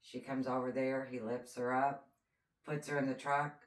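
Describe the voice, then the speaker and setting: A woman's voice: very deep voice, normal speed. A woman co-hosting a podcast, telling a true crime story in casual chat and acting out the quotes as she goes. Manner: animated storyteller, acts out quotes. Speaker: podcast co-host. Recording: roomy echo, distant mic.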